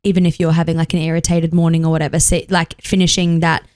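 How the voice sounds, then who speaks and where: A woman's voice: sits low, flat delivery, darkish tone. Woman hosting a casual podcast. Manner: friendly, encouraging, quick to laugh. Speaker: podcast host. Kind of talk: casual chat.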